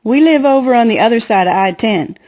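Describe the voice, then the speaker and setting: A woman's voice: on the high side, animated, darkish tone, pitched above the performer's own voice, natural voice. A woman doing a bubbly, chatty young girl. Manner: fast bubbly chatter, teasing. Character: chatty playful girl, confident best friend. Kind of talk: audiobook character voice.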